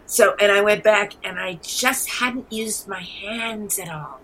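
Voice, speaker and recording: A woman in her seventies with a New York accent, telling rambling, animated stories as an interview guest. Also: mid-range voice, takes it slowly, breathy edge, low-quality recording. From New York City. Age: 70s. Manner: rambling, animated storyteller with frequent restarts. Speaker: guest artist. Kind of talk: casual interview.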